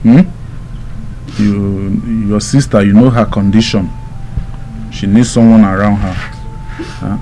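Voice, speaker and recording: An earnest relative with a Nigerian accent, advising in a low, mellow voice. A faint hiss runs behind. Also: male voice, steady tone, slow pace, long pauses, low-quality recording. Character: serious older relative giving advice.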